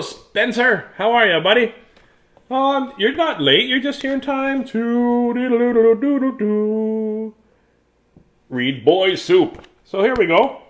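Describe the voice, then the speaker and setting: A man reading children's picture books aloud in a playful, silly way, laughing and chatting between pages. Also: a little high. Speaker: children's book reader.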